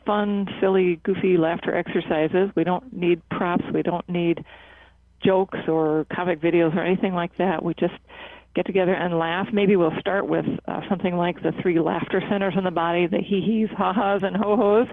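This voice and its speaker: Speaking earnestly and with care, a psychotherapist who leads a cancer center's laughter club fields interview questions, frequently using fillers and starting over. The medium-pitched voice has fairly even intonation and no echo, coming through a tinny, dry phone-style line.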